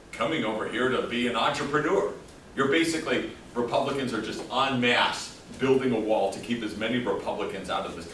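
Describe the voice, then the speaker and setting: A man's voice: medium pitch, bright, forceful tone, distant mic, a little hiss or hum. A man lecturing a class in a casual, joking way, throwing questions out to the students. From El Paso, Texas. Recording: echoey classroom taped from afar.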